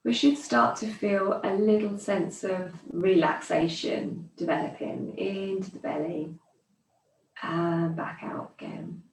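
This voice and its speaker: A woman teaching yoga, guiding slow breathing with calm, soothing counting cues. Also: medium pitch, slight background noise. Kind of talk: guided breathing instruction. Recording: echoey room, distant mic.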